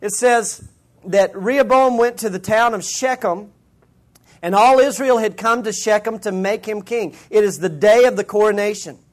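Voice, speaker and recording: A man's voice: high-pitched, moderate pace. A man preaching a sermon, retelling scripture in casual everyday slang. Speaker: pastor.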